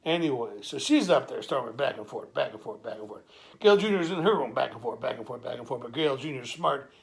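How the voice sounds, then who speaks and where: A man's voice: medium pitch, lively intonation, fairly quick, creaky. Wisecracking man. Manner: streetwise, wisecracking, stammering asides. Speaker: comic monologuist. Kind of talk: improvised comic storytelling.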